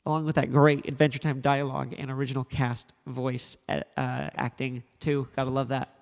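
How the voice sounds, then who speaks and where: A man's voice: mid-range voice, little pitch movement, fairly quick, gravelly, long reverb tail. A man co-hosting a casual podcast, telling joking, rambling stories. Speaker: podcast co-host.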